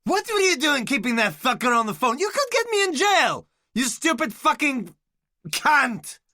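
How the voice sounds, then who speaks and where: A man voicing a volatile, foul-mouthed male boss who shouts and swears. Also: very high voice, huge pitch swings, normal speed, no echo, clean studio sound, pitched above the performer's own voice, full character voice. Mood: furious. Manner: shouting, swearing, spitting insults.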